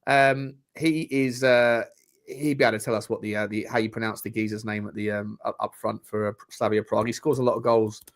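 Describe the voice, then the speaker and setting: A man's voice: fairly low pitch, steady tone, a little fast. A man co-hosting a football podcast, chatting casually with lots of slang, restarts and jokes. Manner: rambling, restarts and slang, jokey. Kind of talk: casual chat.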